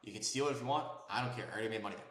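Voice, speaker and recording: A man's voice: lowish voice, very fast, fairly bright tone, echoey room, poor audio. A man coaching viewers on land investing in an emphatic, instructional way, checking in often with "okay?" and "right?". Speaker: land investing sales consultant. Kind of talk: instructional talk to camera.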